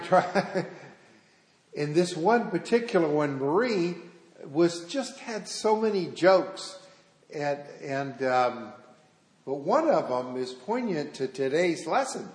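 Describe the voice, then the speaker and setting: A priest from the American South, preaching a sermon in a folksy storytelling manner with frequent fillers. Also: male voice, on the high side. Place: church. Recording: echoey church hall.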